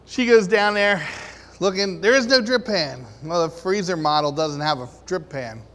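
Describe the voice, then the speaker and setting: A man's voice: high voice, moderate pace, a bit bright. A man in the congregation telling a chatty, casual testimony at a church service. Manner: chatty, laughs through his story. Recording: echoey hall with long reverb.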